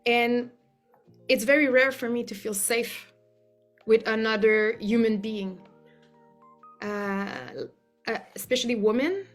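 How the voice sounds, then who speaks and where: A woman's voice: on the high side, fairly even intonation, slow, long pauses, soft background music. A woman giving an earnest, effusive testimonial as a client, often using "like" as a filler. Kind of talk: heartfelt spoken testimonial.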